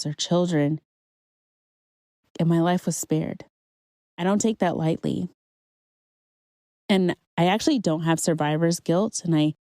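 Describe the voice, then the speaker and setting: A woman's voice: fairly low pitch, mellow, dry recording. A woman hosting her own podcast, telling a personal faith story in an earnest, conversational way and encouraging her listeners. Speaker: podcast host. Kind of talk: personal testimony monologue.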